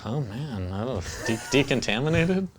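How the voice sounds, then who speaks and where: A man's voice: medium pitch, very animated, moderate pace, noisy background. Joking male podcast guest. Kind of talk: casual chat.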